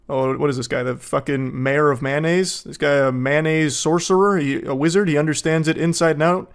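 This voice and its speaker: A man reads out a stranger's text messages and picks them apart with sarcastic, swearing commentary. His voice sits a little high for a man, and he sounds openly incredulous. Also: fairly even intonation, a little fast, hardly any pauses, clean tone.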